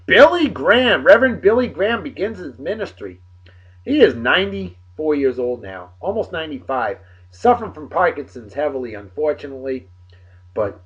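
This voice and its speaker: In a dull lo-fi home recording, a man hosts a casual video blog chat in a slightly rough, fairly bright voice that sits a little high. He rambles along, tossing in playful, exclamatory asides.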